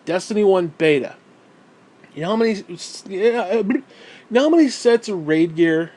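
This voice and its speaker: A man's voice: high voice, lively intonation, normal speed, a little mellow. A man ranting heatedly about a video game at home, swearing constantly in an angry, profane tirade. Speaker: gaming YouTuber. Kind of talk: angry gaming rant.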